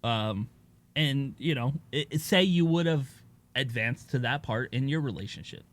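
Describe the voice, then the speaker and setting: Crude, animated male podcast joker. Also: medium pitch, moderate pace. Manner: reads news stories aloud with joking asides. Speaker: podcast co-host. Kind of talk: crude comedic banter.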